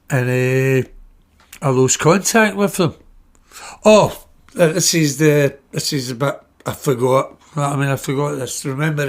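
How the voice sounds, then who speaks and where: A middle-aged man with a Glaswegian Scottish accent, telling personal stories on his podcast in a blunt, swearing way and acting out the dialogue. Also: a little high. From Glasgow, Scotland. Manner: blunt, swears freely, acts out quoted dialogue. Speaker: podcast host. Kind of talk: personal anecdote storytelling.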